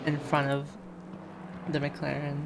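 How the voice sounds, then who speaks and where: A woman's voice: deep voice, completely flat delivery, takes it slowly, vocal fry, noisy background. A woman co-commentating a sim race, with a dry, teasing and bored-sounding delivery. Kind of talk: casual live race commentary.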